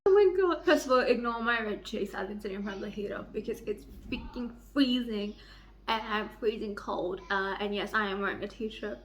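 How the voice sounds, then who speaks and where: A woman's voice: mid-range voice, brisk. A young woman gushing and swearing as she reads quotes from a romance novel in a casual reading vlog at home. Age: young adult. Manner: excitable, swears a lot, gushes over characters. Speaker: book vlogger. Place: home room by a heater.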